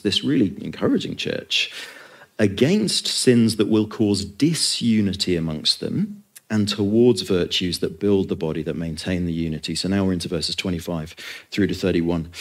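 A man preaching a sermon, earnest and emphatic, with conversational asides. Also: lowish voice.

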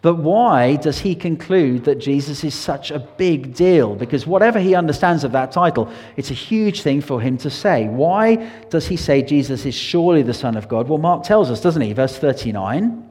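A man's voice: fairly high pitch, lively intonation, normal speed, darkish tone, long reverb tail. A man preaching an earnest sermon in a church, his voice rising and falling for emphasis.

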